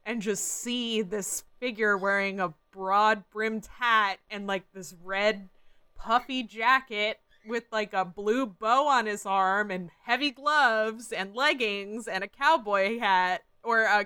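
A woman's voice: mid-range voice, slow pace, bright, forceful tone, clean tone, dry recording. A woman co-hosting a podcast in casual chat, dreamy and enthusiastic. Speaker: podcast co-host.

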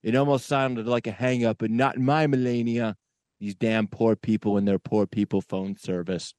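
A man's voice: lowish voice, steady tone, normal speed, a little mellow, no echo, natural voice. A man on a comedy podcast doing an impression of a boastful politician telling a rambling tall tale. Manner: rambling, boastful, self-correcting puns. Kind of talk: comedy impression narrating a story.

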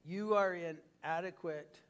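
Man, pastor, sermon, high voice, dramatic swings in loudness. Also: slow pace. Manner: preaching to a congregation, acting out quoted lines with swings in pitch and loudness.

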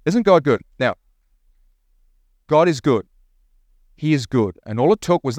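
A man's voice: a little high, lively intonation, unhurried, long pauses, a little mellow, no room sound. A man preaching a sermon as pastor, telling a story and acting out both sides of a conversation.

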